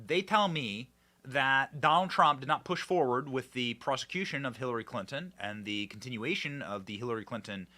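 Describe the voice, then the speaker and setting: Animated bright-voiced male commentator. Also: mid-range voice, moderate pace. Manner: animated, emphatic, mocking, repeats words. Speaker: podcast host. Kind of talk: political commentary.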